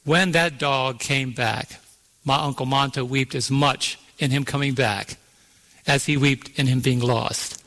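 A man's voice: medium pitch, steady tone, a little slow, fairly bright tone. A man preaching a sermon, telling a story and drawing out key words, asking the congregation to fill in answers. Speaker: pastor. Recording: long reverb of a large hall.

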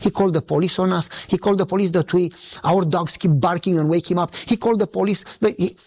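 Brief: male minister, earnest storyteller, rough raspy voice. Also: high voice, fairly even intonation, fast, a little mellow. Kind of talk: conversational testimony.

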